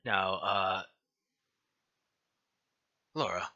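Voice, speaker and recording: A man running a tabletop game, narrating between characters. His lowish voice is forceful and tense. He pauses often with fillers. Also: dull audio. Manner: hesitant, filler-heavy narration. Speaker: game master.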